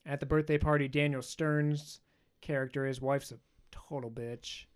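A man's voice: medium pitch, steady tone, moderate pace, clean tone. A man hosting a podcast, casually recapping a movie in a loose, profane way with joking asides. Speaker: podcast host.

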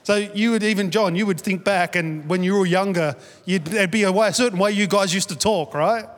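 A man's voice: high-pitched, a little fast. A man, preaching a sermon in a conversational storytelling way that builds to emphatic declarations. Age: 40s. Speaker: pastor. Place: church auditorium. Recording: reverberant church hall.

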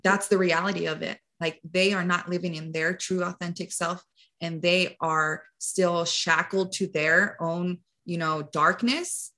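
A woman's voice: fairly low pitch, steady tone, measured pace, pushed and bright. A woman hosting a podcast who talks in an earnest, emotional and emphatic way. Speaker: podcast host. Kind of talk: casual podcast conversation.

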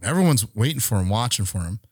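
A man's voice: on the low side, animated, fast talker, breathy edge, no room sound, studio quality. A man on a podcast telling a long story in casual chat, rambling and swearing freely as he acts out what people said. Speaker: podcast co-host.

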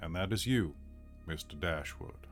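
A man with a very low voice sits at a tabletop game, speaking in character and thinking his plans through out loud. His delivery is easygoing and musing, and faint music plays underneath. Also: animated, a little slow. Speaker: player. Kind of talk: in-character tabletop role-play.

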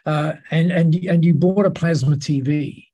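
An Australian man, a podcast guest, telling a story in a lively way and acting out the dialogue. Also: fairly high pitch, measured pace, slightly rough, muffled recording. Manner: lively, acts out dialogue in different voices. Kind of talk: animated storytelling.

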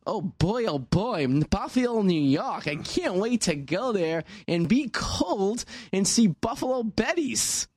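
A man putting on a gushing older woman flight attendant recruiter, in a shrill put-on old woman voice. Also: very animated, slow, few pauses, a little mellow, no echo, heavily acted. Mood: mock excited.

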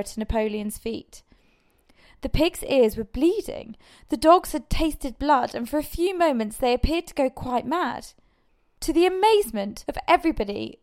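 A woman narrating an audiobook in a measured, steady way. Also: fairly high pitch.

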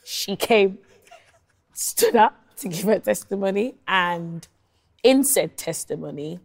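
A woman's voice: medium pitch, animated, slow pace. A woman in her twenties with a London accent, a guest telling stories in a casual interview, full of ums and likes. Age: 20s. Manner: chatty storyteller, many ums and likes. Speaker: guest, singer-songwriter.

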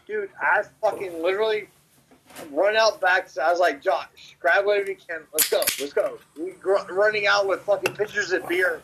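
A man from Memphis, telling a story as a podcast guest in a rambling, animated way and swearing constantly. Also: sits high, moderate pace, a little hiss or hum, poor audio. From Memphis, Tennessee. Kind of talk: casual storytelling.

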